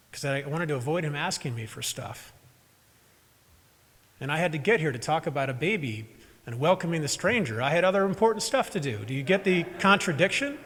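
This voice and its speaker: A pastor preaches during a live service in a church sanctuary, his fairly high, fairly bright voice slightly rough. He tells a personal story conversationally, adding self-deprecating asides to the congregation, and the hall sounds echoey.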